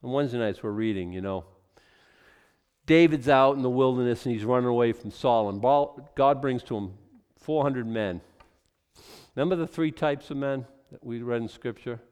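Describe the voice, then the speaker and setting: A man preaching a sermon in an animated, excitable way, often stopping and restarting his sentences. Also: medium pitch, normal speed, clear, resonant tone, in a large hall. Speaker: pastor.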